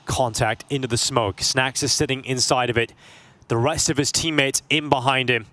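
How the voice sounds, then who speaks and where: A man calling esports play-by-play, his voice climbing in pitch and volume when a big play lands. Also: fairly even intonation, moderate pace, bright, forceful tone. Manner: rises sharply in pitch and volume at big plays. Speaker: esports commentator. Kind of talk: play-by-play commentary.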